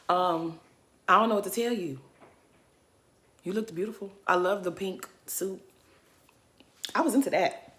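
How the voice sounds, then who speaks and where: A woman's voice: on the low side, normal speed, long pauses, fairly bright tone. A woman giving a casual, emphatic recap of a reality show, laughing often as she talks. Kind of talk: casual commentary.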